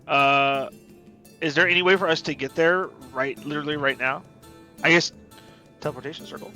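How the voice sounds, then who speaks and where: A man chats casually as a tabletop player, rambling into jokes. His voice is high and bright, with a sharp edge. Faint music sits behind him. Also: normal speed. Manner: joking, rambling. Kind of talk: casual game chat.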